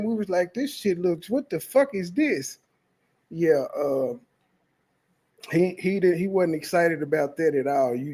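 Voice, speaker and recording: A man hosting a reaction channel, mocking a clip in blunt, profane commentary. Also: high-pitched. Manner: mocking, blunt, heavy cursing.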